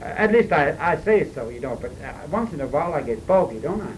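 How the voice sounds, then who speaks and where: Pennsylvania german guy telling stories, kinda high voice, repeats himself a lot, faint hiss. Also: quick pace, poor audio. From Pennsylvania, USA. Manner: repeats words and restarts, animated and fiery. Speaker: dialect poet telling stories. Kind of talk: casual storytelling.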